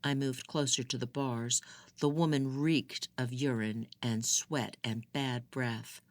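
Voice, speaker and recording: An audiobook reader giving measured first-person narration of a thriller, close to the mic. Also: medium pitch, dry recording. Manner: measured, expressive in dialogue.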